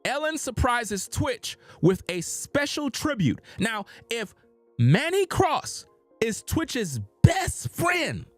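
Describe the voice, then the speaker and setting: A man's voice: very high voice, big pitch swings, slow pace, dry recording, faint music behind. A man hosting a heated commentary monologue, insistent and repetitive with preacher-like emphasis. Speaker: commentary channel host.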